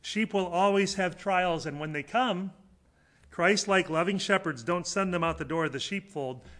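A man preaching a sermon in an earnest, conversational way, swinging between loud emphatic lines and quiet, low asides. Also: moderate pace. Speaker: pastor.

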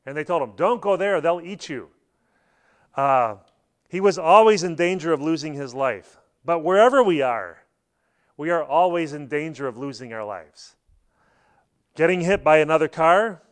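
A middle-aged man delivers a sermon to his church. His voice sits a little on the high side, and he tells his stories in an animated way, now and then breaking into loud, high bursts as he acts out a quote. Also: normal speed, clear, resonant tone. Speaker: pastor.

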